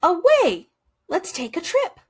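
Woman playing a storybook duck, male, excitable, squeaky-high, breathy, bouncing all over. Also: unhurried, exaggerated voice. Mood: excited. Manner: eager, squealing.

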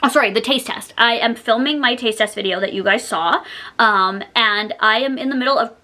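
A woman vlogger talking through a storytime in a chatty manner, with "like" in almost every sentence. Her voice sits fairly high and sounds bright and sharp. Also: a little fast. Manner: chatty, heavy use of "like" fillers. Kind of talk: storytime vlog.

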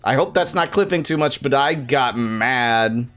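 Playing a video game on a live stream, a young man jokes around casually and has brief flashes of frustration. He speaks at medium pitch, animated, with a fairly bright tone.

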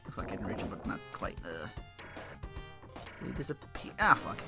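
A man's voice: lowish voice, big pitch swings, normal speed, vocal fry. Profane rambling man narrating gameplay. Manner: rambling, profane, joking asides. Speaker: let's play host. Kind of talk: casual gameplay commentary. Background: game music.

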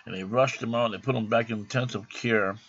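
A man's voice: lowish voice, fairly even intonation, quick pace, fairly bright tone, slightly rough. A man telling a personal story in a rambling, indignant way with plenty of swearing. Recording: dull lo-fi recording.

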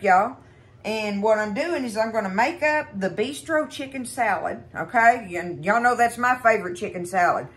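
A woman's voice: mid-range voice, fairly bright tone. A middle-aged woman with a Texan accent, hosting a home cooking show in a folksy, chatty way and talking to viewers as y'all. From Texas. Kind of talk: casual home cooking demonstration.

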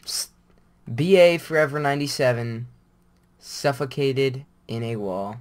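A man's voice: medium pitch, lively intonation, unhurried. A man giving casual gameplay commentary, rambling and thinking aloud as he plays. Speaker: gamer.

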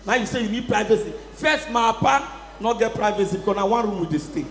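A man with a Nigerian accent doing a stand-up comedy routine, mixing pidgin English and shouting his punchlines. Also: sits high, lively intonation, fast. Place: live show venue with audience. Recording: echoey hall, long reverb.

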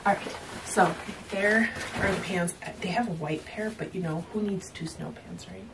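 Casual female vlogger, lower voice, rambling and giggly, recorded from afar on a noisy camera mic. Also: normal speed, far from the mic. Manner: chatty, rambling, laughs often. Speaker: fitness vlogger showing purchases. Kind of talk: casual haul vlog. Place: at home, indoors.

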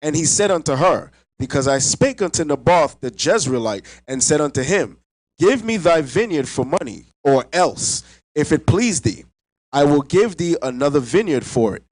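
A man reading scripture aloud in a steady, measured way. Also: a little high, no room sound, low-quality recording. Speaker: scripture reader.

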